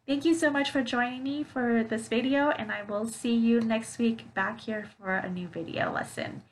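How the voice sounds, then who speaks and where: A woman teaching an online English lesson, explaining clearly with examples, with frequent fillers like "okay, so". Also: a little high, fairly even intonation, normal speed, low-quality recording.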